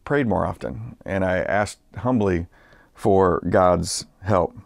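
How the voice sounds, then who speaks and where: A man's voice: low voice, slow pace, gravelly, dry recording, clean studio sound. A man preaching a sermon as a pastor, in a conversational way with frequent fillers and restarts. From Massachusetts, United States.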